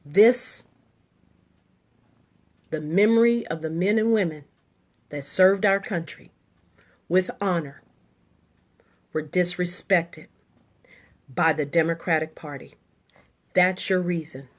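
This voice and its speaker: A woman's voice: on the low side, takes it slowly, long pauses. A middle-aged woman and military veteran delivering an indignant political monologue to the camera, with short, emphatic, repeated statements.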